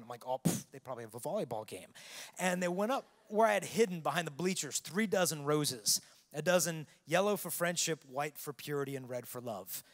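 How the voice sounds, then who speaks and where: Earnest male preacher in a reverberant arena. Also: a little high. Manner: earnest storytelling, swings between hushed and loud. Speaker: youth conference keynote speaker. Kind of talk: preaching to a large youth audience. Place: large arena with long reverb. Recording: long hall reverb.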